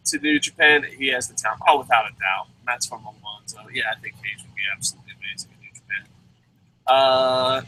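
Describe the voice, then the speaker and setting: A man's voice: a little high, pushed and bright, slight background noise, low-quality recording. A man co-hosting a wrestling review show in casual chat, swearing often, rambling and laughing as he goes.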